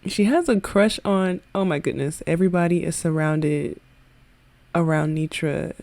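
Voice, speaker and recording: A woman's voice: on the low side, measured pace, darkish tone, no echo. A woman giving casual let's-play commentary on a life-sim game, chatty, slangy and giggly. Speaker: gaming video creator.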